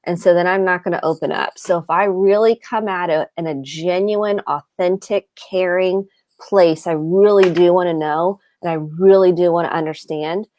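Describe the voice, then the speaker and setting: Low-voiced woman therapist, dry sound. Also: darkish tone, no echo. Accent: American Midwest. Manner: earnest, explains with acted-out example lines. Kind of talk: advice talk on a live show.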